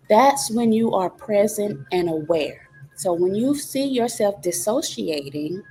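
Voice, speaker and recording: A woman hosting a reflective wellness talk, calmly teaching and walking through steps with rhetorical questions. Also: medium pitch. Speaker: host.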